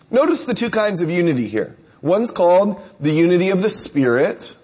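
A man's voice: high-pitched, big pitch swings, normal speed, hardly any pauses, darkish tone, slightly rough. A man preacher delivering a conversational sermon, telling stories and asking rhetorical questions.

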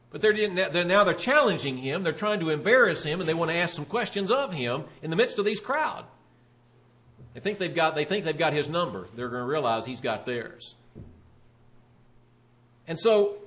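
A man preaching a sermon, retelling a Bible story with animated storytelling and voicing the questioners. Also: a little high.

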